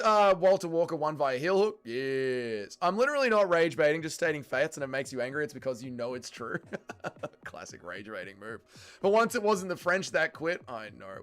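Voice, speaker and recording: Animated young man hosting a livestream. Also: fairly high pitch. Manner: animated, swearing, reacting to chat. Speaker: livestream host. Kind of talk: casual watch-along chat.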